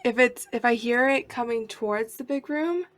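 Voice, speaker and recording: A woman's voice: a little high, normal speed, fairly bright tone. A woman playing a tabletop game, thinking aloud as she plans her character's moves. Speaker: player.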